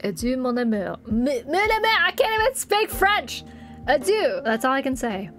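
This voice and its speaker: A woman's voice: high-pitched, sing-song, moderate pace, fairly bright tone, soft background music. A young woman streaming a game, reading its text aloud and reacting emotionally, at times tearful.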